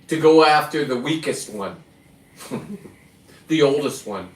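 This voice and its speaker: On the high side and expressive, this middle-aged man speaks unhurriedly with long pauses while rambling through a boastful, profane tale. He hosts his own videos, and the echoey, distant audio has faint ambience.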